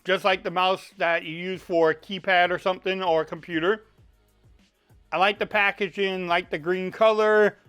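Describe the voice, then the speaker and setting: Cajun guy, high smooth voice, folksy casual tech reviewer. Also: fairly even intonation, normal speed, a bit bright, faint music behind. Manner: chatty, folksy, says y'all.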